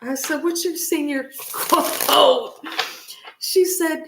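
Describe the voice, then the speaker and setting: A woman's voice: high voice, a bit bright, a little hiss or hum. A woman chatting casually on a vlog, rambling loosely, laughing often and swearing freely. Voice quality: unhurried, trailing talk. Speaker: vlogger.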